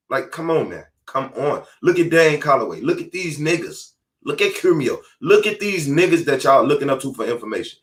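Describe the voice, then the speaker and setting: A man's voice: a little high, fairly bright tone. A man hosting a podcast, delivering an angry, profane and confrontational monologue from home. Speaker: podcast host.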